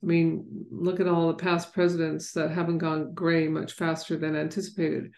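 A woman's voice: sits low, completely flat delivery, moderate pace, a little mellow, roomy sound. A woman earnestly telling a personal story in a candid, conversational way. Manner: earnest, candid, with frequent restarts. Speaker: speaker sharing a personal story.

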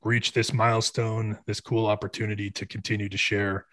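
A man's voice: on the low side, level tone, moderate pace, a bit bright, no echo. A man co-hosting a podcast, talking earnestly in a casual, rambling way. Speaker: podcast co-host.

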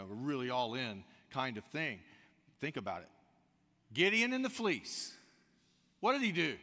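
A man preaching a sermon, telling stories and acting out quoted lines, calling the congregation y'all. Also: medium pitch. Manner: animated storytelling with quoted asides, addresses the congregation as y'all. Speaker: pastor. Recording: long hall reverb.

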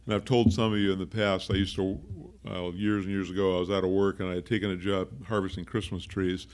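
A man's voice: low voice, level tone, quick pace, darkish tone, clean tone. A man preaching a conversational sermon as a pastor, explaining word meanings with friendly asides.

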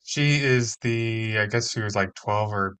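Bright-voiced teasing podcast guy. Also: lowish voice, a little slow, clean tone, no room sound. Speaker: podcast co-host. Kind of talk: casual chat.

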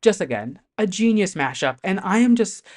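A chatty vlogger talking straight to camera in a loose, animated way, full of fillers and the odd curse word. The voice sits at a middling pitch, neither high nor low. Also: normal speed. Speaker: pop music commentator host. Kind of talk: casual chat to camera.

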